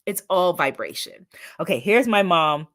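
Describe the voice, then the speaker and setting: A woman's voice: fairly low pitch, animated, moderate pace, fairly bright tone. A woman hosting an inspirational live-stream talk, enthusiastic, laughing often and repeating affirmations. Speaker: spiritual host.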